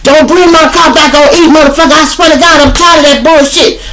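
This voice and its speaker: A man voicing a furious woman who rants and curses at her man in a shrill voice. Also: steady tone, fairly quick, pushed and bright. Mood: angry nagging. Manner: shrill, cursing rant.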